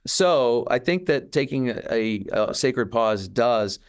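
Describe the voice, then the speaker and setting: A man's voice: medium pitch, takes it slowly, clean tone. A man co-hosting a podcast, talking in a casual, reflective, earnest way, with frequent restarts. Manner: earnest, animated, with restarts and acted-out quotes. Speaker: podcast co-host.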